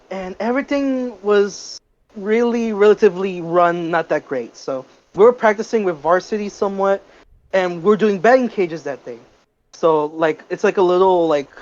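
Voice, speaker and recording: A teenage guy with a high voice tells a story to his friends in casual podcast chat. He is animated and curses freely. The recording sounds dull and lo-fi. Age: teens. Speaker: podcast co-host.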